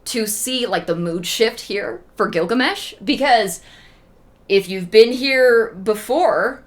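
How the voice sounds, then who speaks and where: A woman streamer with a slightly high voice speaks slowly as she retells an ancient epic. Her casual storytelling is chatty and humorous, with plenty of asides.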